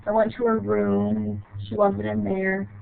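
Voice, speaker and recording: Woman storyteller, gravelly, halting short phrases; tinny phone-like recording. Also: medium pitch, flat delivery. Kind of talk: personal childhood story.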